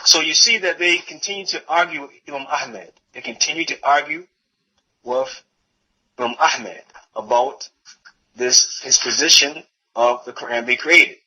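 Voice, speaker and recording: Halting bright-voiced male lecturer, lo-fi. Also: mid-range voice, husky. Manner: halting, self-correcting, repeats phrases while translating. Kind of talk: religious lecture reading and translating a text.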